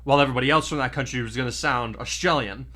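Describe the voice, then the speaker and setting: A man's voice: mid-range voice, very fast, over a noisy crowd. A man from New Mexico hosting a casual podcast, explaining at length and often correcting himself. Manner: rambling, self-correcting explainer. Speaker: podcast host and audio drama narrator.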